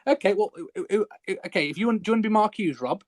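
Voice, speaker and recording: A man hosting a casual podcast chat, hesitant with fillers and quick laughs. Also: high voice, expressive, dry recording. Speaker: podcast host.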